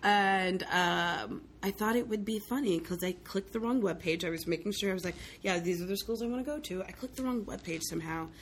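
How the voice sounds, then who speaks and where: A woman's voice: fairly low pitch, fairly quick, few pauses, a little hiss or hum. A young woman from the Southern United States, a guest telling stories in casual conversation and acting out the voices of the people in them. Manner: animated storyteller, acts out quoted voices, laughs often. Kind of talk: casual chat.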